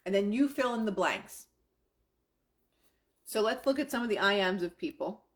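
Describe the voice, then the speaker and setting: A middle-aged woman talking as a self-help coach. She sounds enthusiastic, keeps repeating affirmations and swears casually. Her voice sits at an ordinary middle pitch for a woman. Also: expressive, normal speed. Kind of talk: live coaching talk.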